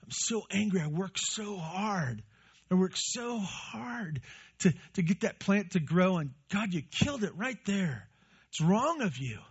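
A man's voice: mid-range voice, fairly even intonation, fairly quick, muffled recording, voice pushed down, lightly acted. A man voicing a sulky, self-pitying prophet who talks in petulant, melodramatic outbursts.

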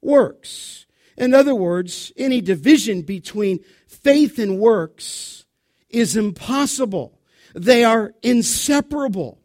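A man's voice: high voice, animated, takes it slowly, darkish tone, no echo, studio quality. A man preaching an expository sermon from the pulpit as pastor, intense and emphatic, speaking straight to his congregation. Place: church sanctuary.

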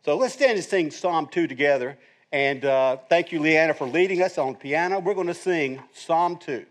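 Middle-aged pastor with a higher voice. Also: male voice, moderate pace. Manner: conversational, joking teacher tone. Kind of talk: sermon.

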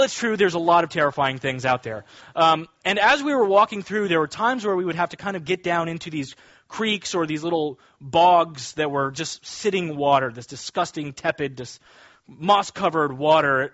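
A man preaching a morning sermon, telling a story and then building to emphatic, slow scripture readings. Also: a little high, lively intonation, a bit bright, no room sound, highs cut off. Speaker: pastor.

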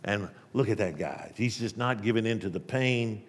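A male preacher giving an emphatic sermon, telling a parable and shifting between loud and soft delivery. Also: fairly low pitch, animated, moderate pace, husky, in a large hall.

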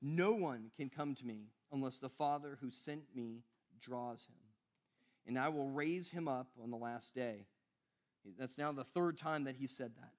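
A man's voice: medium pitch, measured pace. A man preaching a sermon in a casual, conversational way, often asking "right?" and calling the listeners "you guys". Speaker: pastor.

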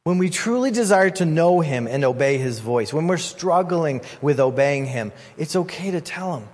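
A man preaching a sermon as pastor, conversational and animated, acting out voices in the story. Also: a little high, moderate pace, few pauses. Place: church hall. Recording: long hall reverb.

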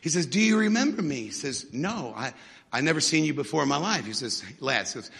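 A man preaching a fiery sermon, often shouting and building to fervent peaks. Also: mid-range voice, expressive, fairly quick, creaky, breathy edge, long reverb tail.

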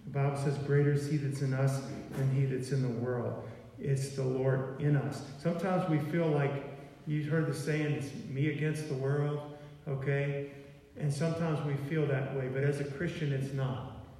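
Male preacher, mellow tone, folksy sermon delivery, distant mic in a roomy church. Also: mid-range voice, level tone, moderate pace. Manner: conversational, folksy with fillers like "okay" and "y'all". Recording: far from mic in an echoey hall.

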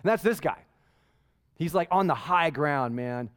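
A male pastor preaching a sermon in an animated, conversational way full of rhetorical questions. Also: a little high, unhurried.

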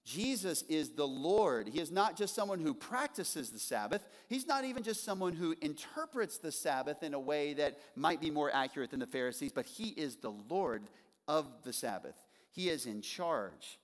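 A man preaching an expository sermon in an earnest way, slowing down and repeating his key phrases. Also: fairly high pitch, animated, long reverb tail. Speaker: pastor.

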